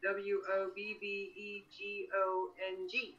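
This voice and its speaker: A woman's voice: mid-range voice, monotone, takes it slowly, fairly bright tone. A woman in a casual podcast chat, talking eagerly about the topic. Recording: dull lo-fi sound.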